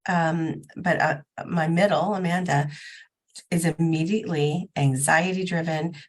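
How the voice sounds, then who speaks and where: A woman's voice: deep voice, fairly even intonation, unhurried. A middle-aged woman co-hosting a podcast in casual chat, frank and chatty, now and then swearing. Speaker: podcast co-host.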